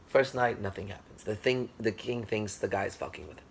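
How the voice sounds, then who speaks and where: Male teacher, low gravelly voice, husky, animated storytelling lecture. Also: a little fast, a little hiss or hum. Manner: animated storyteller, addresses listeners directly.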